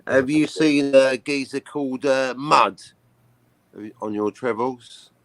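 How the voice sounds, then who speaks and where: A man doing a gravelly Cockney space geezer. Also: medium pitch, slow pace, no echo. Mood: cheeky. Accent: Cockney put-on. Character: cockney Spock, a swearing London space geezer.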